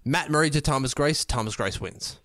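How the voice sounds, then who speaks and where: A man talking hockey in a loose, joking way, often starting a word twice before he gets it out. His voice sits at an ordinary middle pitch. The sound is dry and close, with no room around it. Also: lively intonation, brisk, fairly bright tone, dry recording. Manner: rambling, joking, restarts words. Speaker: hockey podcast co-host. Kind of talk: casual sports chat.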